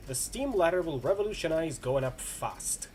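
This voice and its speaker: A man's voice: a little high, expressive, moderate pace, a little mellow, slight background noise. A man casually commenting while playing a video game, musing aloud. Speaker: let's play gamer. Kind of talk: gameplay commentary and reading.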